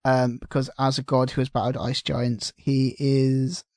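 A man's voice: mid-range voice, flat delivery, a little slow, a little mellow, no echo. A man co-hosting a casual podcast, reading out listener questions and stumbling over his words, mocking himself as he goes. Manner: self-mocking, trips over words with 'th' sounds. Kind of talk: casual chat.

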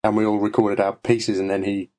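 A man's voice: lowish voice, level tone, a little fast, over a noisy crowd. A man co-hosting a podcast, making sarcastic wisecracks. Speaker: podcast co-host. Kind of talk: casual podcast banter.

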